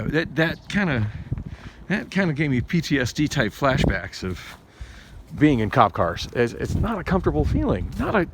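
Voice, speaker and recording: A man vlogging a rambling story about a bad ride, full of restarts and fillers. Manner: rambling, many restarts and fillers, rising pitch when agitated. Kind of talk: casual storytelling rant. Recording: noisy background.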